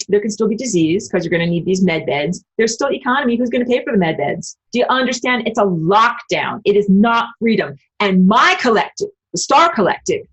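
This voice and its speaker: A woman's voice: medium pitch, husky. A woman giving an emphatic, profane, rambling spiritual livestream monologue and answering viewer comments. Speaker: spiritual vlogger.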